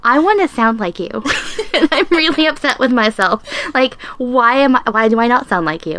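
A woman's voice: sits high, very animated, moderate pace, bright, forceful tone. A woman hosting a casual chat interview, giggly and gushing, swearing casually. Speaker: podcast host.

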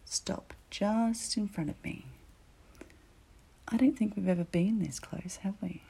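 A woman voicing a teasing, commanding female teacher in an audio role-play, often dropping into soft whispers. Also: mid-range voice, a little slow, vocal fry, breathy edge. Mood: seductive.

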